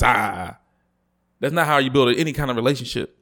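Guy going off on a podcast, casual chat that builds to a loud rant. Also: mid-range voice, fairly quick. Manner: animated, rises to loud ranting when worked up. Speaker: podcast co-host.

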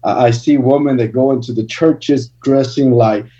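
A man's voice: mid-range voice, steady tone, moderate pace, dark tone. A man giving a personal testimony as a guest minister, speaking in an earnest, conversational way with casual slang. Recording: distant, dull lo-fi recording.

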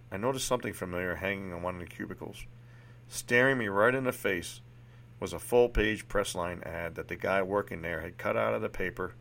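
A man's voice: lowish voice, fairly bright tone. A man reading his personal memoir aloud in a candid, reflective way, with occasional restarts.

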